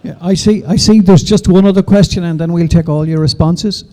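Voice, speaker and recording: Man chairing a panel, higher voice, mellow tone, brisk and polite, echoey hall. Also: steady tone. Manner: brisk, polite, stumbling over words. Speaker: moderator. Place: large lecture hall. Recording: long reverb of a lecture hall.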